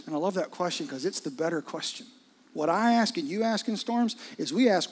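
A middle-aged man preaching a sermon in a husky, slightly high voice. He drops to near-hushed asides, then climbs to loud, urgent peaks. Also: lively intonation, fairly quick. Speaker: pastor.

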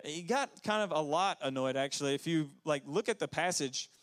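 A man giving a casual, conversational sermon as pastor, full of fillers and quick asides. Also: expressive. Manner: conversational, many fillers, jumps into high put-on voices for quotes.

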